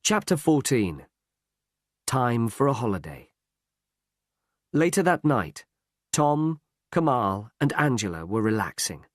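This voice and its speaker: Slow, clear male story narrator. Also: mid-range voice, big pitch swings, dry recording, studio quality. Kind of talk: scripted story narration for learners.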